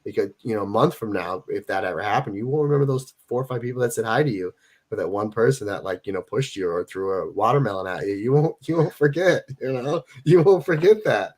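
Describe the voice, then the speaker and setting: A man in his forties with a fairly low voice speaks as an interview guest. He talks emphatically and hammers points home by repeating them. It is loose, casual conversation. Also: animated, fast talker, a little mellow, husky. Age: 40s. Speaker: guest wrestler.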